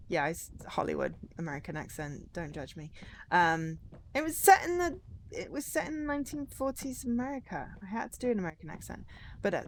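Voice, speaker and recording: A woman's voice: medium pitch, a little hiss or hum. A tired woman streaming a game, chatting wryly and reading signs aloud. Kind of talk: casual gaming stream commentary.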